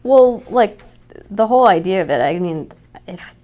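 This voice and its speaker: A woman's voice: medium pitch, lively intonation, moderate pace, dark tone. A young woman guesting on a podcast, chatting casually with lots of filler words and light laughter. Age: young adult. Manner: laid-back, lots of likes and giggles. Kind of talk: casual interview chat.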